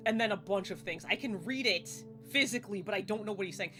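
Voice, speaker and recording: A young woman streaming a game live, chatting excitably, laughing and swearing casually as she plays. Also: mid-range voice, fast. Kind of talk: live gameplay commentary. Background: faint game music.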